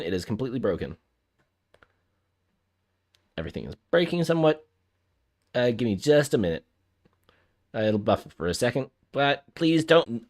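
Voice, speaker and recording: Animated chatty male streamer. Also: medium pitch, moderate pace, long pauses. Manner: chatty, flustered, repeats himself. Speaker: streamer playing a visual novel. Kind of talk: live game stream, reading aloud.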